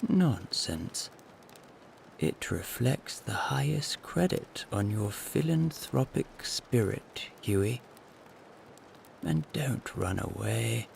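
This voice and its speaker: A man voicing an amused, jovial gentleman friend, wry and teasing. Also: lowish voice, animated, slow, gravelly, a little hiss or hum, full character voice.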